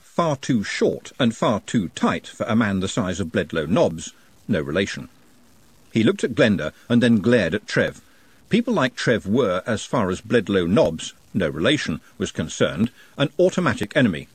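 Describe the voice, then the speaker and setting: A man with a husky voice reading an audiobook with dry, wry storytelling. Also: low voice, big pitch swings, moderate pace, no echo. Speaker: audiobook narrator.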